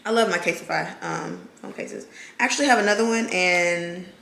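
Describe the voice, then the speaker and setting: A young woman speaks briskly to camera in a fairly low, fairly bright voice with vocal fry, chatting with viewers she calls "y'all." The room is echoey with kitchen clatter and slight background noise.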